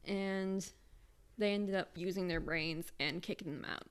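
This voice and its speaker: A woman's voice: fairly low pitch, fairly even intonation, measured pace, clean tone. A young woman in her twenties, co-hosting a podcast and telling a story in casual, profane chat. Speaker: podcast co-host.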